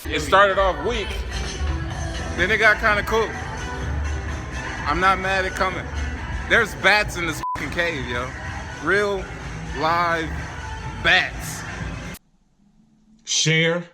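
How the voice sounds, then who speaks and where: A man's voice: high-pitched, takes it slowly, pauses often, rough recording. A young man vlogging casually, joking and swearing as he talks. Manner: profane, joking, laughs often. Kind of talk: casual vlog chat. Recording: loud music behind. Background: loud music.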